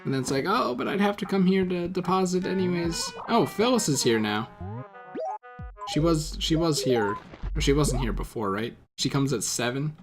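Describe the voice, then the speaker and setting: A man's voice: a little high, expressive, moderate pace. A man giving casual gameplay commentary, rambling, stumbling over his words and swearing offhandedly. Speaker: let's play gamer. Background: video game music.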